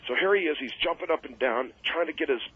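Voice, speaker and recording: A man telling road stories as a guest on a radio show, rambling and animated, laughing at his own tales. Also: a little high, fast talker, breathy edge. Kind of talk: casual radio interview storytelling. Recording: muffled old radio broadcast.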